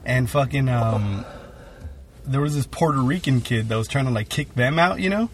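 A man's voice: mid-range voice, normal speed, a little hiss or hum. A young man and comedian co-hosting a podcast, telling a story in a rambling, profane way full of fillers. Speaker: guest co-host and comedian. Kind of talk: casual podcast chat.

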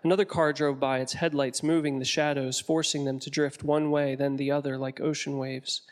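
A man reading a story aloud in a measured, descriptive way, as an audiobook narrator. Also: mid-range voice, flat delivery, long reverb tail.

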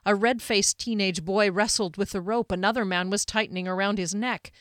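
A woman reads a fantasy story aloud with steady, measured storytelling. Her voice sits in a middling register, and the recording is close and dry with no room sound. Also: no room sound. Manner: steady storytelling, raising her pitch for characters' lines. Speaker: audiobook narrator. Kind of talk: scripted fantasy narration.

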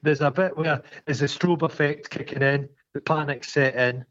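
A man's voice: on the high side, fairly even intonation, fairly bright tone. A man co-hosting a casual film-review chat, swearing and joking as he acts out bits of scenes. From Scotland. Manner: sweary, jokey, acts out scenes in quick impressions. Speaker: podcast co-host. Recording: slightly dull lo-fi sound.

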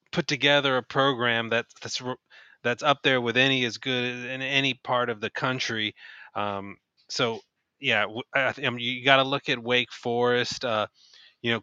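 Smooth bright man, dull dry recording. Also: mid-range voice, dry recording. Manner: hedging, restarts often, many fillers. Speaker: podcast co-host. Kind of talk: casual sports chat.

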